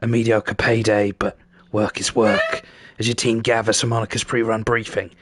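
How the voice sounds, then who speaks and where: A man doing a gruff cyberpunk narrator. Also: on the low side, huge pitch swings, normal speed, background noise. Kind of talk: reading game narration aloud.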